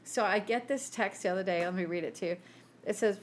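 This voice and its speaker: A woman co-host in a relaxed podcast, her mid-pitched voice running through story after story, often cracking herself up. A faint hiss sits under the recording. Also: brisk. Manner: chatty storyteller, laughs at her own stories. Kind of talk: casual chat.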